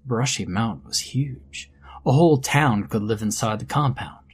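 A man narrating a first-person horror story in a measured, grim storytelling manner. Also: medium pitch, husky. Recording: faint background music under narration.

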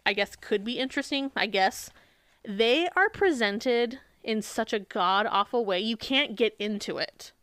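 A woman's voice: fairly high pitch, lively intonation, unhurried, fairly bright tone, clean tone, no echo, studio quality. A woman co-hosting a podcast in casual chat, sarcastic and swearing often as she retells a book. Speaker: podcast co-host.

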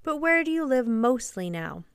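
A woman doing an excitable, polite young girl. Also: on the high side, normal speed, clean tone, no room sound, studio quality. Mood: excited.

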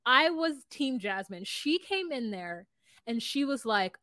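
A woman's voice: a little high, very animated, slow, a bit bright, no room sound. A woman co-hosting a podcast, recapping a reality show in casual, gossipy chat full of "like" and "um". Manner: gossipy, lots of "like" and "um", puts on voices while quoting. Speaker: podcast co-host.

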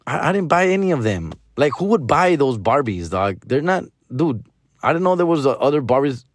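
A man, a comedian hosting a podcast, rants casually about a movie in an animated, slangy, exasperated way, dropping bits of Spanish slang. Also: fairly high pitch, a little fast, dry recording, studio quality.

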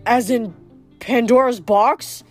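A woman's voice: fairly high pitch, slow pace, darkish tone, soft background music. A woman reading aloud, voicing a defiant teenage boy hero who speaks firmly.

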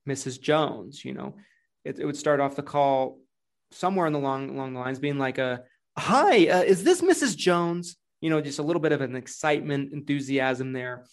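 Gravelly-voiced man chatting about sales. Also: mid-range voice, level tone, fairly quick. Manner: chatty, uses many filler "like"s. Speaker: podcast guest, salesperson. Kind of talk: casual conversational podcast chat.

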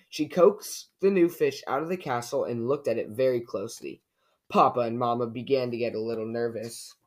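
A man reading a children's storybook aloud in a gentle, unhurried way. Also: medium pitch.

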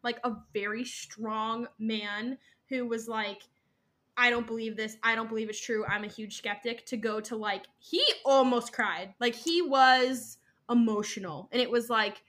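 A young woman co-hosts a chatty podcast, with a bright, clear voice that sits a little high. She tells her story with lots of energy, swears casually, and slips into quick impressions of the people she quotes. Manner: animated, swears freely, acts out quotes. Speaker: podcast co-host.

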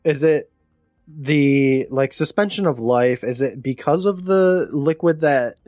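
A man's voice: a little high, slow pace, a little mellow, dry recording, clean studio sound, soft background music. A man co-hosting a podcast, chatting casually and jokingly retelling an episode's plot. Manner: jokey, teasing, narrates the plot and quotes the characters. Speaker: podcast co-host. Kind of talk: casual chat recapping an episode.

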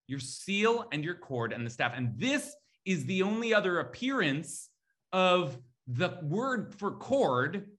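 In an animated biblical lecture, a Torah teacher speaks in a high, fairly bright voice, emphatically repeating important words and sounding out Hebrew terms. He corrects himself often and fills pauses while thinking aloud.

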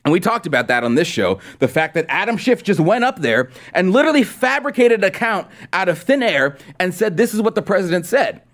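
A man's voice: sits high, very animated, brisk, hardly any pauses, fairly bright tone. A man hosting a political commentary show with a sarcastic, mocking manner. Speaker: host. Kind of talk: political commentary with a sponsor read.

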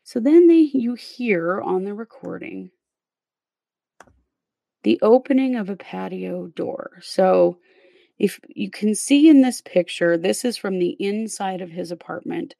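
Woman, podcast host, casual true crime storytelling, step-by-step, gravelly, dry close sound. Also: medium pitch, lively intonation, unhurried, warm tone, no room sound. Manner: conversational, recounts events step by step with fillers.

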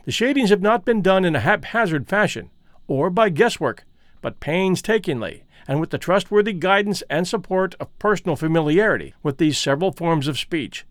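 A man with a Midwestern accent hosting a story podcast, giving a measured, explanatory introduction and reading aloud. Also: high voice, lively intonation, no room sound, studio quality. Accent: Midwestern American. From American Midwest. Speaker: podcast host and reader.

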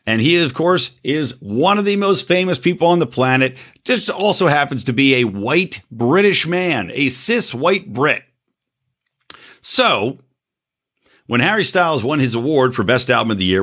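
A man's voice: mid-range voice, fairly bright tone. A man from the United States hosting his own show, delivering a blunt, profane, sarcastic opinion rant. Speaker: podcast host.

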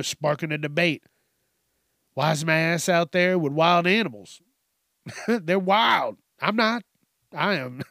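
A man hosting a casual, profane, joking news commentary from his desk at home, rambling and breaking into squeaky voices. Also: a bit bright, dry recording, clean studio sound.

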